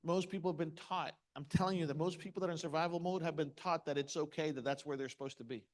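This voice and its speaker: A man's voice: a little high, fairly even intonation, fast. A middle-aged man giving a motivational seminar talk, punchy and asking the audience questions. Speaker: motivational speaker.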